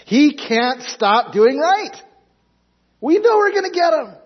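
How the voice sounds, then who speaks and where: Preacher guy doing squeaky high scheming plotters, gleeful and mocking, muffled lo-fi audio. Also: very animated, takes it slowly, full character voice. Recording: dull lo-fi sound.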